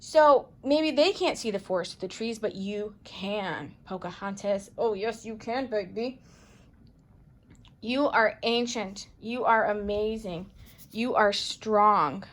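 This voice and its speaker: A woman who hosts her own channel gives a casual tarot reading to camera at a slow pace. She's animated and playful, calling viewers darling and baby, and swings between bright bursts and low, muttered asides.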